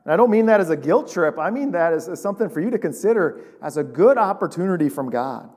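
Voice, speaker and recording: A man with a fairly high voice preaches to his congregation. He keeps it loose and conversational and keeps throwing rhetorical questions at the listeners. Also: lively intonation, fast, darkish tone. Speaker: pastor. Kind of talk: sermon.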